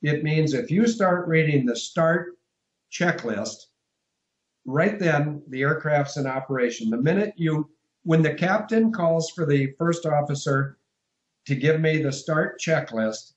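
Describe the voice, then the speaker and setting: A man's voice: a little high, measured pace, roomy sound, lo-fi sound. A man giving a discursive, emphatic interview, spelling out letters and numbers as he explains. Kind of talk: phone-in radio interview.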